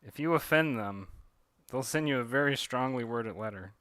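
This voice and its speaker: A man's voice: mid-range voice, normal speed, a bit bright, dry recording. A man, a comic artist chatting casually on a drawing livestream, rambling with lots of fillers and self-corrections. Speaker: comic artist streaming his drawing work.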